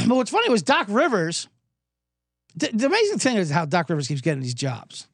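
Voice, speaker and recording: A hoarse man hosting a comedic sports betting podcast, ranting in a sarcastic, profane way. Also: high-pitched, sing-song, a little fast, dry recording, studio quality. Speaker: host.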